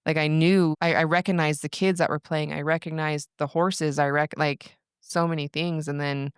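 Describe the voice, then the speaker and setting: A woman's voice: low-pitched, level tone, moderate pace, clean tone, no room sound, studio quality. A young adult woman, a podcast guest, telling a personal story in casual chat, rambling with lots of "like" and restarts. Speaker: podcast guest, breathwork practitioner.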